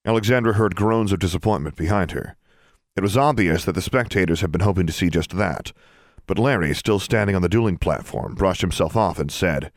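A man reading a novel aloud in steady, even scripted narration. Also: sits low, a little fast, no echo, clean studio sound. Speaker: audiobook narrator.

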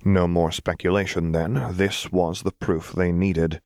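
A man reading a fan-fiction story aloud as a steady, measured narrator. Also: deep voice, no echo, clean studio sound. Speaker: audiobook reader. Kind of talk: scripted narration.

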